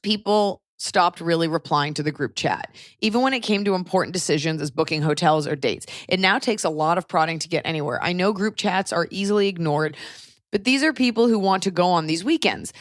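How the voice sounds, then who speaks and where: A woman's voice: on the low side, expressive, brisk, dry recording, studio quality. An American woman hosting a podcast in casual chat, reading out a listener's letter in a playful, teasing way. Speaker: podcast host.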